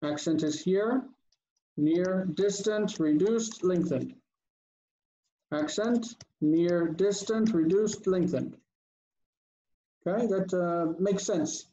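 A man teaching an online grammar lesson, drilling terms slowly and deliberately and often checking in with the class. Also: high-pitched, warm tone. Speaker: Biblical Hebrew teacher. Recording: dull lo-fi call audio, faint noise.

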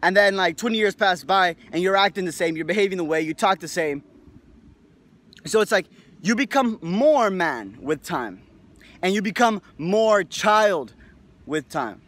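Casual high-voiced young man rambling. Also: animated, moderate pace, fairly bright tone. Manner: rambling, profane, lots of "right?" tags. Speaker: video host. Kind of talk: casual motivational monologue.

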